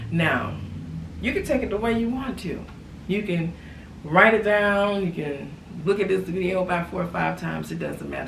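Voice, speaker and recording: A woman chatting in a casual haul vlog, animated and repeating phrases for emphasis. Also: lowish voice, creaky. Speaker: lifestyle vlogger. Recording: echoey room, far from mic, background noise.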